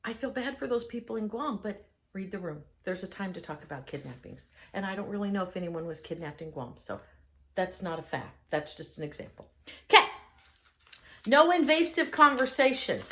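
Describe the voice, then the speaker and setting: A woman's voice: mid-range voice, sing-song, moderate pace, a bit bright. A middle-aged woman giving a humorous talk on conversation, chatty and self-mocking, often acting out the people she quotes. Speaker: speaker giving advice.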